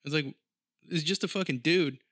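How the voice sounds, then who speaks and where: A man's voice: a little high, normal speed, a bit bright, no room sound. Profane, rambling man on a dry mic. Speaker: podcast host. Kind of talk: casual monologue.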